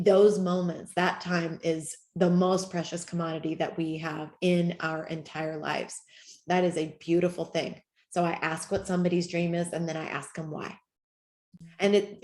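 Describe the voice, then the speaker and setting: A middle-aged woman coaching her team in an earnest, emotional, encouraging way. Her voice sits at an ordinary pitch for a woman. The sound is roomy, with a clear echo around her. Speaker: network marketing team leader. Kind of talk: motivational training talk.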